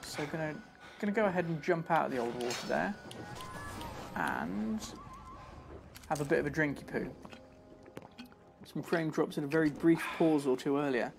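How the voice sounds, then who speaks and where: A man's voice: fairly high pitch, brisk, vocal fry. A man giving chatty, self-mocking live commentary while he plays a video game and talks to his viewers. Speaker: streamer playing a game. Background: game music.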